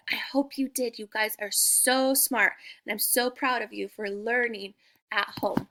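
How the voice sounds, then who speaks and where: A young woman teacher with a high voice leads a small reading group through phonics. She speaks slowly, stretches each letter sound and praises the children warmly. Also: lively intonation. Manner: slow, exaggerated sounding out of letters, encouraging.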